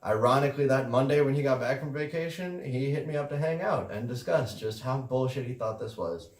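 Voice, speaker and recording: On a casual podcast about restaurant work, a male co-host who works in the industry tells a story in a relaxed, profane style, chuckling now and then. His voice is medium-pitched and brisk, captured by a roomy, distant mic.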